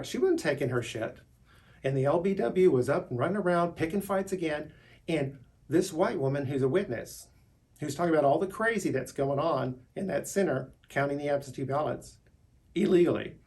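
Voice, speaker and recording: A man's voice: fairly high pitch, creaky, a little mellow. A middle-aged man talking in a rambling, unscripted monologue, restarting words and pushing his voice upward when he gets worked up. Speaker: vlogger.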